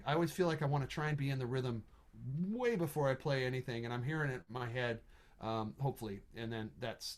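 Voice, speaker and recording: A middle-aged man teaching trombone over a video call, talking casually, thinking aloud and singing rhythms on "da" syllables. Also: mid-range voice. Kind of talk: online music lesson.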